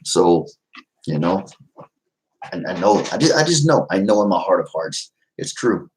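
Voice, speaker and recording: Deep-voiced man, casual streamer, rambling and sincere. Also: very animated, moderate pace, a little mellow, low-quality recording. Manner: rambling and heartfelt, many fillers. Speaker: vlogger reading live chat. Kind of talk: casual livestream chat.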